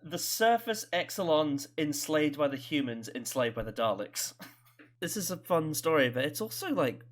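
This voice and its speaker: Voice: medium pitch, sing-song, normal speed. A host giving casual, rambling reaction commentary, stammering and laughing often between thoughts. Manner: swears casually.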